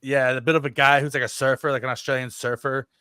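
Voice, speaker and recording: A man's voice: mid-range voice, little pitch movement, fast, sharp tone, smooth, dry recording. Rambling man with dry close sound. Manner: rambling, self-deprecating storyteller. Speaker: podcast co-host. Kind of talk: casual podcast chat.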